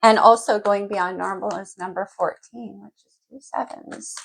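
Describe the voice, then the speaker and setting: A woman doing a casual general tarot reading talks directly to the viewer by sign, drifting off her thread and coming back to it as she rambles. Her mid-range voice is creaky with a breathy edge, fairly even in intonation and moderately paced, heard through poor audio.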